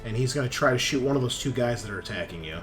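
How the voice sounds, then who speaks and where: A man runs a tabletop role-playing session, patiently explaining rules and narrating combat. His pitch moves a lot, and faint music plays under him. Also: animated, very fast. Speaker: game master.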